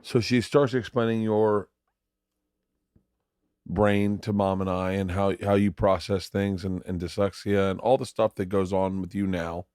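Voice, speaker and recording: A middle-aged man with a fairly low voice tells a story in a loose, rambling way, stumbling and repeating words as he builds up to the point. The sound is dry and close, with no room echo. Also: level tone, unhurried, darkish tone, clear, resonant tone. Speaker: podcast guest, husband. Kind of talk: casual storytelling. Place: home, late night.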